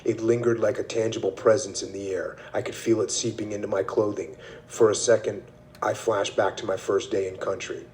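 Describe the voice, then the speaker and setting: A man hosting a podcast, reading passages from a book aloud and discussing them in a measured, steady way. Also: lowish voice, slight background noise. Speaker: podcast host.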